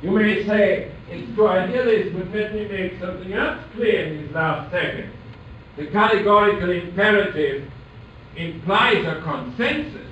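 A man lecturing from a distance in a very echoey room, his voice a little high for a man. He wanders through his points, restarting phrases and posing rhetorical questions. The sound is muffled with a faint background hiss. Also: measured pace, bright, forceful tone. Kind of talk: academic lecture.

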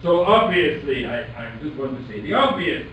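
A man's voice: fairly high pitch, big pitch swings, moderate pace, a bit bright, slight background noise. A man giving an academic lecture in a room, talking in a digressive way with restarts and rhetorical questions. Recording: echoey, distant, muffled lecture-hall recording.

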